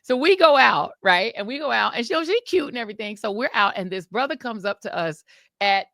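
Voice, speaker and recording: A woman co-hosts a podcast in a relaxed, gossipy chat. Her voice is bright and forward, with pitch that swings widely as she tells stories with emphasis. The sound is close and dry. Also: brisk, vocal fry, no room sound. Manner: animated, emphatic storytelling with laughs. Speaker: podcast co-host. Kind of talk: casual chat.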